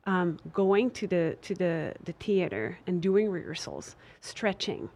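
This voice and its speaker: A woman's voice: on the low side, very animated, a little slow, a little mellow. A woman who is a dancer, answering interview questions earnestly, with many restarts and filler words. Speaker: dancer and fitness guest. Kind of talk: casual interview.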